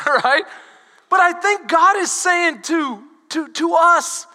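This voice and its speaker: Middle-aged male pastor, very high and sharp voice, animated sermon delivery, reverberant hall. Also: slow pace, pauses often, a faint crowd. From Texas. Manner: animated preaching, swings between loud emphasis and soft asides.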